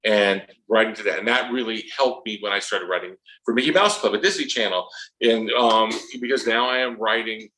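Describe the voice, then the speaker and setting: A man in his fifties, an author guest telling comic anecdotes with lively acted-out scenes. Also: on the low side, rough recording. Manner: comic, acts out scenes in quick voices. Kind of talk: animated storytelling.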